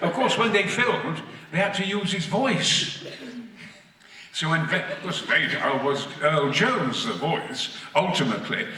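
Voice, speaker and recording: A man guest at a convention panel, telling stories to the audience in a booming, theatrical way, heard from far off in an echoey hall. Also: animated, measured pace, sharp tone. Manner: booming, theatrical, acts out voices. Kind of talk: anecdotal storytelling to an audience.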